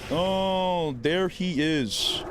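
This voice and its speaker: A man's voice: high-pitched, extremely slow, music in the background. A man streaming a live game, chatting casually and teasing the players he fights. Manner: playful, taunting, talks to enemy players. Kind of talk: live gameplay commentary.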